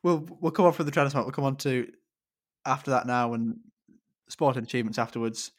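A man interviewing a guest, asking questions in a relaxed, conversational way. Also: mid-range voice, fairly quick.

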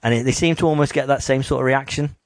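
A man's voice: medium pitch, fast talker, no room sound. A man talking in casual chat, rambling with frequent ums.

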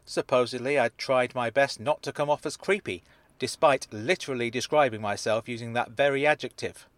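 A man narrating his own story in first person, in a deadpan, self-deprecating manner. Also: medium pitch, a little fast, no echo.

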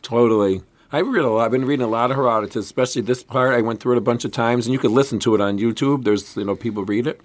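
A man's voice: mid-range voice, very fast, hardly any pauses. A man co-hosting a casual history podcast, telling the story in a rambling way with many restarts. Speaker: podcast co-host.

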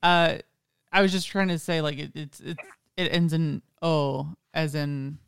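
A man's voice: on the high side, fairly even intonation, a little slow, vocal fry, fairly bright tone, clear, resonant tone, no echo, clean studio sound. A man co-hosting a casual podcast, correcting pronunciation in a rambling, pedantic way. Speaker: podcast co-host. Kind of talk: casual chat.

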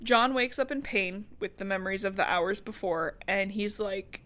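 A woman's voice: mid-range voice, normal speed, a bit bright. A woman co-hosting a podcast, casually recapping a book in a loose, chatty way with plenty of swearing and laughter. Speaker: podcast co-host.

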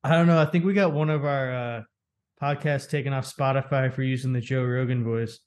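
A man's voice: medium pitch, fairly even intonation, brisk, darkish tone. A young man co-hosting a podcast, swearing, joking and laughing through casual banter. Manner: profane, jokey, laughs often. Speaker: podcast co-host.

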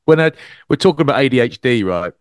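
A man's voice: quick pace, clean tone, no room sound, clean studio sound. A man co-hosting a rugby podcast, telling stories in casual chat and acting out quotes. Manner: animated storyteller, acts out quotes with big pitch jumps. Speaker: podcast co-host and rugby commentator.

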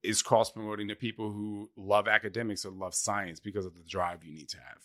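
A man's voice: lowish voice, little pitch movement, fairly quick, a bit bright, dry recording, clean studio sound. A man hosting an interview, enthusiastic and eager to jump in with his own stories. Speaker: interviewer host. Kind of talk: casual interview chat.

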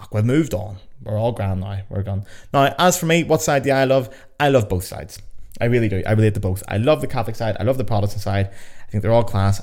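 A man's voice: fairly low pitch, darkish tone. A young man with a Belfast accent hosting a casual explainer podcast, chatty and full of sardonic asides. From Northern Ireland. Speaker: podcast host.

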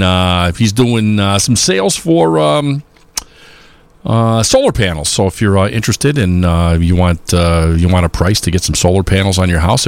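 Rambling folksy male radio host. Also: low-pitched. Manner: rambling, many filler sounds, folksy. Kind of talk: casual live radio chat.

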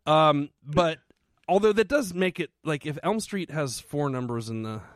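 A man co-hosting a podcast, telling a story in casual, profane chat with sudden loud outbursts. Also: fairly high pitch, expressive, moderate pace, dry recording, studio quality. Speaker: podcast co-host. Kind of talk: casual comedic recap chat.

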